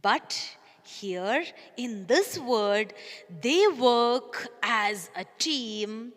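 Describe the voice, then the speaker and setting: A woman teacher with an Indian English accent, giving a slow, sing-song lesson to young children. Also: on the high side, expressive, fairly bright tone, in a large hall. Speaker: primary school teacher. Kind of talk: recorded online class lesson.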